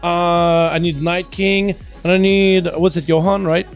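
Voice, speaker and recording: A man with a hoarse, scratchy voice, hosting a live game stream, chatting with viewers and calling matches play-by-play. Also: high-pitched, little pitch movement, unhurried, soft background music. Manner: friendly, addresses chat as boys.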